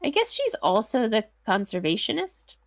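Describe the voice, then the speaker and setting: Animated joking woman streamer. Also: a little high, moderate pace. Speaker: game streamer. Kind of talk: casual chat over gameplay.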